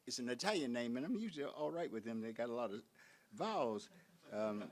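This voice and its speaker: An older man, a professor, giving a reflective conference lecture full of rhetorical questions, halting now and then with fillers and restarts. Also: mid-range voice, expressive, a bit bright. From United States.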